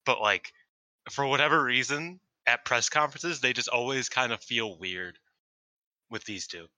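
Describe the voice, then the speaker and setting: A man's voice: medium pitch, normal speed, sharp tone, no echo, poor audio. A man co-hosting a casual podcast chat, rambling with lots of fillers and casual swearing. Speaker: co-host.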